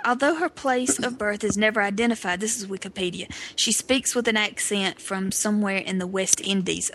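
A woman's voice: medium pitch, fairly bright tone, a little hiss or hum, poor audio. A woman co-hosting a podcast, chatting casually and reading background facts aloud. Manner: informative, reads out background facts. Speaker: podcast co-host.

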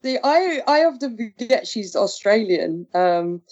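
A woman's voice: a little high, very animated, unhurried, a little mellow, highs cut off. A woman co-hosting a casual podcast, recapping a show chattily with frequent fillers and laughs. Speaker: podcast co-host recapping episodes. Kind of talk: casual chat.

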